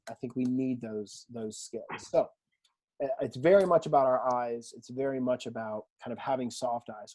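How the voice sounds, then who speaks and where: A man teaching a language class in a relaxed lecture style, chatty and self-deprecating, often quizzing his students. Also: mid-range voice. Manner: conversational, self-deprecating, asks the class questions. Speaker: Greek teacher.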